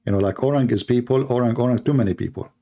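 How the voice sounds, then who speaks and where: Animated man acting out little dialogues. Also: rapid-fire, vocal fry. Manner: animated, acts out dialogues in higher voices. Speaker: commentator. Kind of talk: casual talk to camera.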